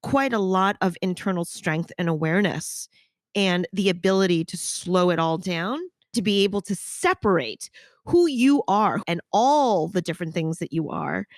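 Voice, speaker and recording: A woman's voice: lowish voice, moderate pace, dry recording, studio quality. A woman hosting her podcast, talking frankly and energetically with her guest, with casual swearing. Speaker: podcast host. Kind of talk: conversational interview.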